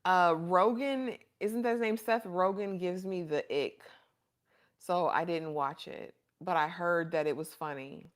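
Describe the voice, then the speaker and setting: A woman on a casual livestream chats away and reads viewer comments, affectionately calling everyone honey and baby. Her voice is on the low side, and she keeps a measured pace.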